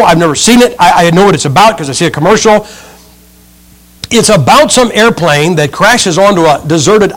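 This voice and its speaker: A man's voice: high voice, low-quality recording. A middle-aged male preacher giving a humorous sermon, acting out the people in his stories. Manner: humorous storytelling, acts out quotes.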